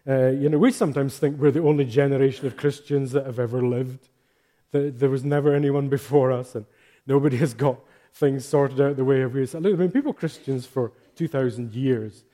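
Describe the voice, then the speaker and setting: A man's voice: mid-range voice, warm tone. A man preaching a sermon in a chatty, joking way, reading scripture aloud with strong emphasis. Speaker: pastor.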